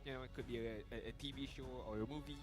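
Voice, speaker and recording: A young man shoutcasting an esports match on a stream, explaining picks and stats earnestly. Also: medium pitch, steady tone, very fast. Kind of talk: casual live-stream commentary. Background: game music.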